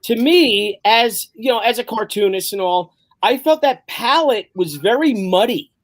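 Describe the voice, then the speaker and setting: A man's voice: high-pitched, lively intonation, a little slow. A man co-hosting a casual video-call chat among cartoonists, rambling and emphatic, often swearing. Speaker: comic artist co-host.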